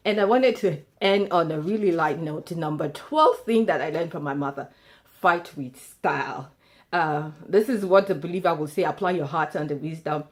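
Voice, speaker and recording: A middle-aged Nigerian woman shares life lessons through family stories, telling them in an animated way and acting out what relatives said. Her voice is deep and her speed normal.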